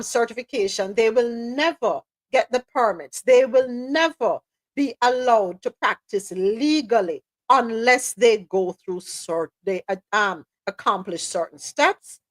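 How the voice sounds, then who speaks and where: Jamaican lady podcast host, firm and opinionated, mixes in patois, slightly high voice. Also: no echo. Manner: emphatic, opinionated, switches into patois. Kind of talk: live news-talk podcast commentary.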